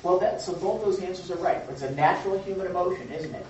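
A man leading an interactive Bible lesson, asking the group questions and affirming their answers in a lively way. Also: sits high, fast, slight background noise. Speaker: teacher leading a Bible class. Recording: echoey room, distant mic, dull sound.

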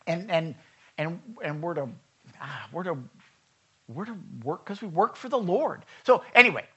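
A man's voice: sits high, animated, normal speed, bright, forceful tone, slightly rough, muffled recording. A man preaching a sermon at a church service, talking in a loose, conversational way and putting questions to the congregation. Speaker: pastor.

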